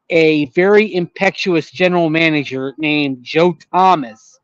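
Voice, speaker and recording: A man co-hosting a sports radio show, explaining calmly and at length. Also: a little high, dry recording, highs cut off. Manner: calm, explanatory, with fillers and restarts. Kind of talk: measured sports talk analysis.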